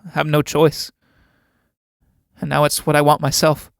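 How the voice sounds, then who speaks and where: A timid young man in a read-aloud play who answers in halting, hesitant phrases. A man acts him out in a dry, close-miked recording. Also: on the high side, monotone, creaky, clear, resonant tone, no room sound. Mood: resigned.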